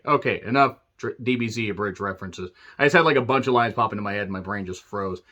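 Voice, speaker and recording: A man's voice: on the low side, fast, few pauses, bright, forceful tone, dull audio. A man giving a casual solo review of a wrestling show, sarcastic and rambling, swearing freely.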